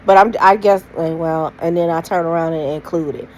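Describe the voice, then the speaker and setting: A woman with a low-sitting voice speaks briskly as she tells her viewers a rambling, slang-heavy storytime, peppered with "like"s and aimed right at the camera. The low-quality recording has a little hiss or hum.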